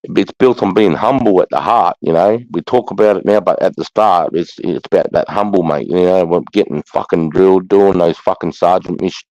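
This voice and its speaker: A middle-aged Australian man with a very deep voice, talking casually and swearing freely. He calls everyone mate. The sound is dry and dull, like lo-fi stream audio. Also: moderate pace, few pauses, darkish tone, dry recording. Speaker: livestream host. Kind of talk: casual chat.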